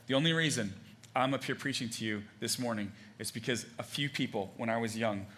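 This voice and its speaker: A young adult man preaching a sermon as pastor, conversational and animated, with frequent fillers and restarts. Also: mid-range voice.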